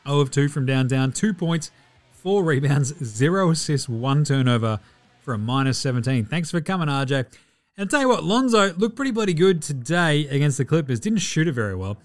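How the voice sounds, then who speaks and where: A man's voice: on the high side, sing-song, fairly quick, soft background music. A man with an Australian accent, hosting a casual sports podcast, swearing freely and joking through player stats. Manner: profane, joking, mimics players in asides. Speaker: podcast host.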